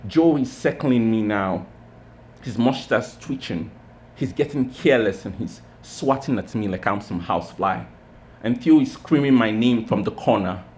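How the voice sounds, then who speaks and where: A man at a pub open mic reading his own short story in a measured, literary way. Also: mid-range voice, a little mellow. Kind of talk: reading fiction aloud. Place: pub stage.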